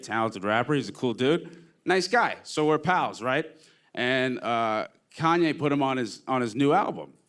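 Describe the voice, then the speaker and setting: A man doing a stand-up comedy set on stage, animated and rambling, with many false starts. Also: mid-range voice. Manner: animated, jumps into exaggerated voices for quoted people.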